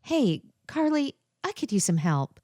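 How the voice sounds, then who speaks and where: A woman's voice: fairly high pitch, very animated, measured pace, mellow, no room sound, clean studio sound, pitched above the performer's own voice. A woman voicing a young woman heading into her first undercover job, nervous and full of self-doubt.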